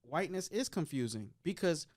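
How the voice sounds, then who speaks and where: Man explaining calmly on a podcast. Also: on the high side, moderate pace. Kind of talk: casual podcast discussion.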